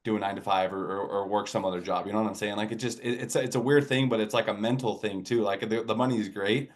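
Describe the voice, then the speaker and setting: A man guest in a casual interview, speaking haltingly with many restarts and fillers. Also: lowish voice, fairly even intonation.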